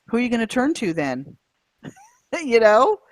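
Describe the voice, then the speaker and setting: A woman's voice: on the high side, very animated, a little slow. Woman, co-host, chatty and casual, laughs along easily. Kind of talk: casual chat.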